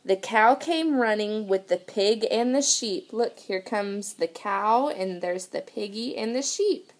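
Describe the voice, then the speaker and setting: A preschool teacher, a woman, reading a picture book aloud to young children in an animated way and asking them questions. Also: mid-range voice, measured pace.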